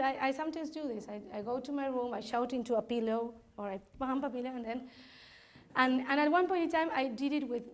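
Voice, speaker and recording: Woman with a gravelly voice. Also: on the high side. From Argentina. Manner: candid, laughs often, many restarts. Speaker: parenting workshop speaker. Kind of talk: informal talk to parents.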